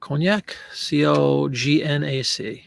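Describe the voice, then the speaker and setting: A man's voice: a little high, fairly even intonation, slow pace, gravelly, no echo. A man casually talking through an online listing session, joking and fumbling over French pronunciation. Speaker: online reseller listing print ads.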